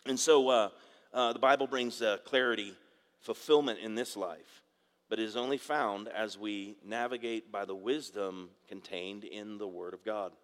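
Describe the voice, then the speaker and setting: A man's voice: lowish voice, fairly even intonation, moderate pace. Man preaching in a reverberant hall. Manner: conversational preaching with asides and audience call-outs. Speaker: pastor. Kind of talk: sermon.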